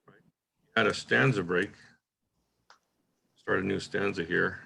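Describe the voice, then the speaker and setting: A poetry workshop host muses unhurriedly through a craft lesson, trying a sample line aloud in several versions and frequently adding "uh" and "right?". His voice is fairly low and gravelly, cut with a bright, sharp edge.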